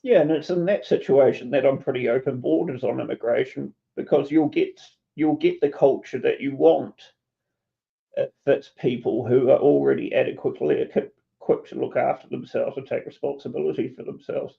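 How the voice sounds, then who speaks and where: A gravelly-voiced man joins the panel over dull, lo-fi audio. He talks haltingly, with frequent ums and uhs. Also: mid-range voice, steady tone. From New Zealand. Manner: hesitant, many uhs and ums. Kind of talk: casual panel chat.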